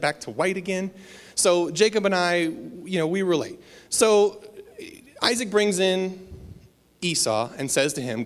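Man preaching in an echoey hall. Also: fairly high pitch. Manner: casual, self-deprecating storytelling with fillers. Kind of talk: sermon. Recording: long hall reverb.

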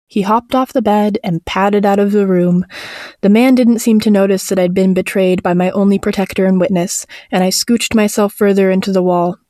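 A woman's voice: mid-range voice, steady tone, moderate pace, mellow, dry recording. Woman narrating a horror story, dry and close.

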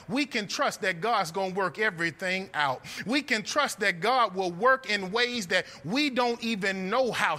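A young man preaching a sermon, telling a story with animated delivery and calling his listeners friends. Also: high-pitched.

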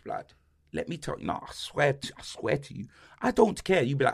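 A man's voice: mid-range voice, animated, brisk, gravelly. A young man, rambling animatedly in slang-heavy football banter. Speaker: podcast co-host.

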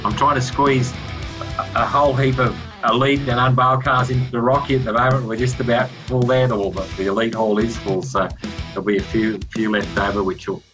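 A man's voice: medium pitch, fairly even intonation, a little fast, a bit bright, soft background music. A man with an Australian accent co-hosting a podcast, easygoing and chatty. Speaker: podcast co-host. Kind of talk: casual podcast chat.

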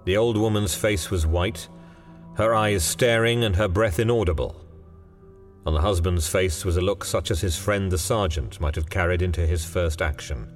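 A man narrating a ghost story in a measured, dramatic storytelling manner. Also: deep voice. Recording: long hall reverb, faint music.

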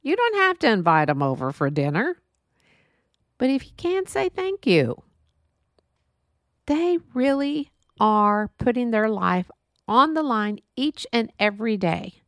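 An earnest middle-aged woman delivers a heartfelt monologue, now and then acting out the voices in her story. Her voice has a gravelly edge. The recording is close and dry, with no room sound. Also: on the high side, big pitch swings, unhurried, a bit bright, no room sound. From Texas. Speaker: podcast host.

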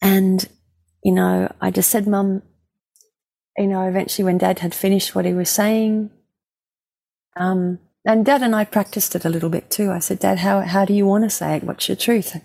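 Mellow, husky-voiced woman mediator. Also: medium pitch, flat delivery, normal speed. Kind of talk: personal storytelling in an interview.

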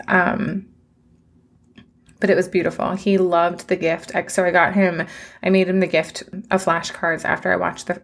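A woman in her thirties with a low, gravelly voice hosts a casual solo podcast. She talks in long, run-on stretches and gushes with emotion, keeping her pitch flat and level. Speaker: podcast host.

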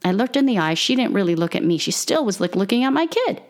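A woman's voice: mid-range voice, sing-song, quick pace. A middle-aged mother telling a personal story in a casual monologue, acting out the people in it with big jumps in her voice.

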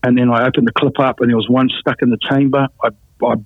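A man's voice: mid-range voice, level tone, quick pace, no room sound. A man giving a blunt, matter-of-fact account of his life as an interview guest. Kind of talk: personal testimony in an interview. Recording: tinny phone-like sound, dry.

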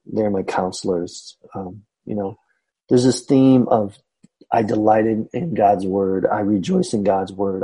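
A man reflecting on a psalm in a casual Bible discussion, speaking haltingly with many fillers and restarts. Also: fairly low pitch, dark tone, slightly rough, low-quality recording. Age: adult. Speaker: Bible study discussion leader.

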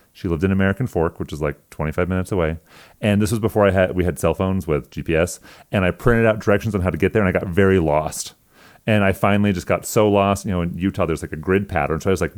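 A man's voice: low voice, fast. A man in his twenties in a casual chat, telling rambling, self-deprecating stories full of "like.". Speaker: guest sharing stories.

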